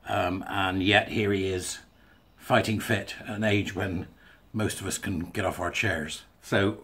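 Male commentator, husky, reads a text aloud and riffs on it casually. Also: deep voice, steady tone, measured pace, a bit bright. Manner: chatty, wry asides, breaks into laughs. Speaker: commentator reading a thread aloud. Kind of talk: casual monologue reading and commenting.

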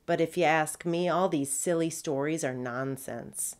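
A woman voicing a prim, patient female poodle first mate in a storybook, speaking crisply. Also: low-pitched, unhurried.

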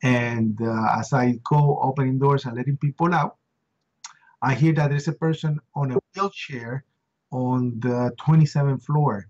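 Unhurried and a little mellow, with fairly even intonation, this middle-aged man from Puerto Rico tells an emotional eyewitness story as an interview guest. When quoting others, he acts out their voices, raising his pitch. It comes through as a dull lo-fi recording.

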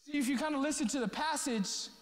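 A man's voice: extremely high pitch, fast. A young adult man, a youth pastor, telling a story in a sermon and acting out his friends' voices. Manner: animated, acts out friends' voices. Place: church youth hall. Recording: echoey hall.

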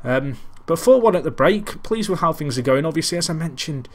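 A man's voice: a little high, lively intonation, a little fast. Man rambling over a football game. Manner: rambling, self-deprecating, calls the match like a commentator. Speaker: gaming commentator. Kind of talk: casual Let's Play commentary.

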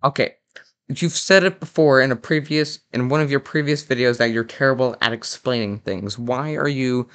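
A man's voice: medium pitch, moderate pace, a bit bright, clean tone. A young man doing a parody commentary of a game video, sarcastic and mock-outraged, often stumbling and restarting his sentences. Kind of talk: mock-critical reaction commentary.

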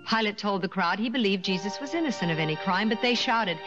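A woman tells a children's story with lively, expressive narration at a middle pitch. The sound is dull and muffled like an old video soundtrack, with clear music underneath. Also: fairly quick, few pauses.

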